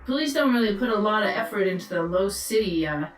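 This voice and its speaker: A woman voicing a sly, rough-talking low-city mother in a video game, falsely polite and defensive. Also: lively intonation, quick pace, reverberant, far from the mic, faint music behind, close to an everyday voice, low-quality recording. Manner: falsely polite, then cursing and yelling.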